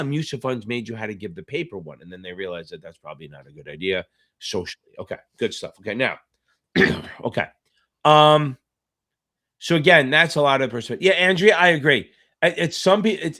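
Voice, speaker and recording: A middle-aged man with a slightly high, somewhat bright voice tutors for exams on a casual live-stream Q&A. He rambles chattily and swears now and then.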